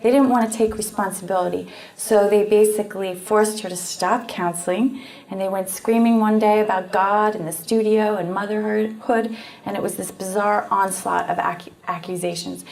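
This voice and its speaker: A woman with a Canadian accent, earnestly explaining and telling a story in a casual, conversational way, with frequent pauses and fillers. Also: mid-range voice, fairly even intonation, creaky, a little mellow. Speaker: guest speaker on post-abortion trauma.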